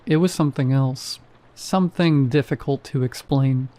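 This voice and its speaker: A man's voice: mid-range voice, normal speed, warm tone. A man narrating a first-person horror story with a wry, skeptical manner.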